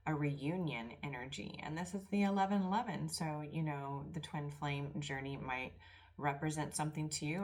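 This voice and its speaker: A middle-aged woman with a low voice gives a casual spiritual tarot reading. She talks softly and rambles, and she sounds emotional, close to tears. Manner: emotional, tearful and soft-spoken. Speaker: tarot reader.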